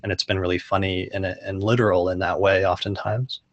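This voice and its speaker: Flat low-voiced man hosting a podcast. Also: brisk, muffled recording. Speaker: podcast host. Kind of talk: casual chat.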